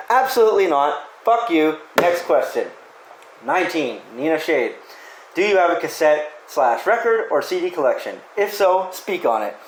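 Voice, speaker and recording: A man reads out fan questions and answers them in a loose, offhand way, swearing often and cracking jokes. His voice sits a little high for a man. The room around him rings with a noticeable echo. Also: a little hiss or hum. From Canada. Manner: profane, joking, offhand. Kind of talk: casual Q&A vlog.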